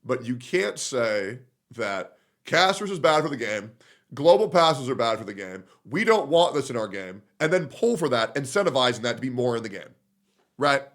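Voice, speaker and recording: A man's voice: medium pitch, sing-song, moderate pace, fairly bright tone. A young man streaming live, ranting at his chat in a heated, argumentative way and swearing often. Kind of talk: livestream rant to chat.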